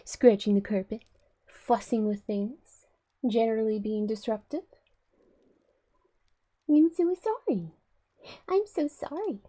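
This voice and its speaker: A woman's voice: on the high side, takes it slowly, long pauses, warm tone, voice pushed up. A woman voicing her naughty little house cat. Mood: mock-sorry. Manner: fake-apologetic, gleeful.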